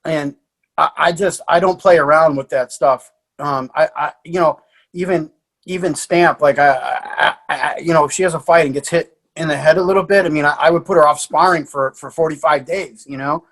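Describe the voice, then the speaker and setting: Animated storytelling male coach. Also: fairly high pitch, moderate pace, vocal fry. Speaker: guest, martial arts coach. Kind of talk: casual podcast conversation.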